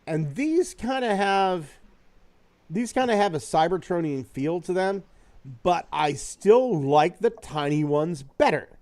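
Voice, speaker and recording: A young man hosts a relaxed podcast chat. He wanders off topic, drops curse words without a second thought, and laughs at his own jokes. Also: sits high. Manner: rambling, swears freely, quick to laugh at himself. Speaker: podcast host reading viewer comments.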